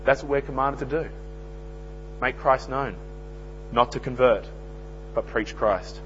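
A man preaching a sermon, swinging from loud emphasis to hushed lines. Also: mid-range voice, a little slow. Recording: dull lo-fi recording with faint mains hum.

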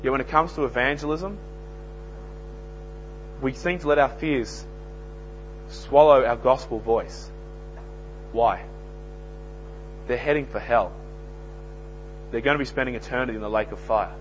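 A man preaching a sermon, swinging from loud emphasis to hushed lines. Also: medium pitch, a little slow, long pauses. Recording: dull lo-fi recording with faint mains hum.

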